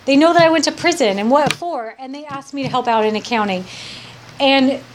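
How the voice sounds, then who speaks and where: A woman's voice: sits high, a little fast, slight background noise. A woman giving a heartfelt personal testimony to a live audience, rambling with many restarts. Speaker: speaker sharing her recovery story.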